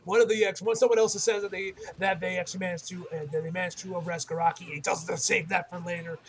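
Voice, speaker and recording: A man's voice: sits high, steady tone, quick pace. A young man recapping an anime episode in casual talk, rambling with many restarts and self-corrections. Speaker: anime reviewer.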